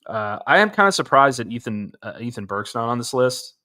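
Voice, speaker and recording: A man's voice: mid-range voice, very animated, brisk, bright, forceful tone. A man co-hosting a sports talk show, giving strong opinions in a casual, hesitant way with frequent restarts. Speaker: sports radio co-host.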